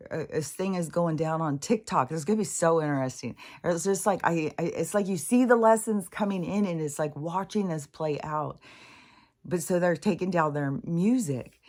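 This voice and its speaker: A woman's voice: low-pitched, a little mellow. A middle-aged woman talking in a rambling, casual monologue, swearing freely, laughing often and trailing off mid-thought. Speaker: spiritual vlogger.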